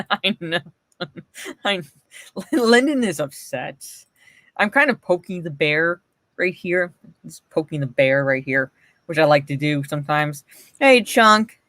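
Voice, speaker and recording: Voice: mid-range voice, lively intonation, slow pace, long pauses, fairly bright tone, dry recording. Brief: blunt, swearing livestream host with a mid-range voice, reading posts aloud and chatting with viewers, dry close sound. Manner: blunt, profane, often laughing, greets chatters by name. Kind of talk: casual livestream commentary.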